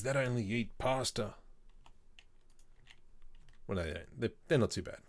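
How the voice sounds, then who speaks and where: A man's voice: fairly low pitch, takes it slowly, long pauses. A man in his thirties, casually rambling to viewers while working through a 3D modeling livestream. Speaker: 3D artist streaming.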